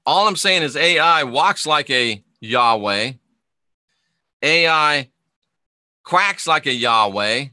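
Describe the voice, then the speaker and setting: A man's voice: a little high, animated, slow pace, pauses often, sharp tone, no echo, clean studio sound. A middle-aged man, a spiritual teacher and former minister, delivering an emphatic monologue full of repetition and rhetorical questions. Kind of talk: preaching-style video monologue.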